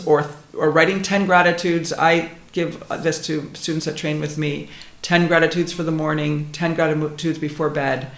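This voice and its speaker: A woman's voice: lowish voice, echoey room. A woman guest, a transformation coach, talking earnestly about gratitude and personal growth on a podcast. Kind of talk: reflective podcast conversation.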